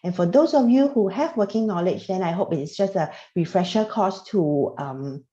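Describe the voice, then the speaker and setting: A woman lecturing on tax to a class over a video call, her voice low-set and mellow. She stumbles often, filling gaps with "uh" and "um" and restarting phrases. The audio is roomy and dull, like a laptop mic in an echoey room. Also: animated, normal speed. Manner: hesitant, many fillers and restarts. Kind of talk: online lecture. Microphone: computer mic on a video call.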